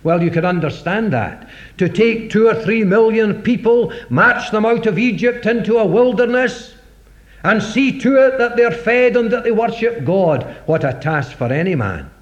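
Male preacher, high and very animated delivery, rhetorical sermon style, dull lo-fi sound. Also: moderate pace. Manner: dramatic, rhetorical, acts out voices of scripture. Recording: dull lo-fi recording.

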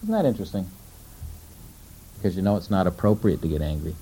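A man preaching a sermon in a conversational way, asking his listeners questions and slowing down to quote scripture. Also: deep voice, big pitch swings, dark tone, husky, rough recording. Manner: conversational, asks the audience questions.

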